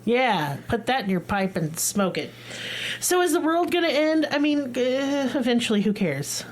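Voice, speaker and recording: A woman's voice: on the high side, sing-song, moderate pace. A woman, co-hosting a podcast in a blunt, profane, joking way. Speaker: podcast co-host. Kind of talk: casual chat.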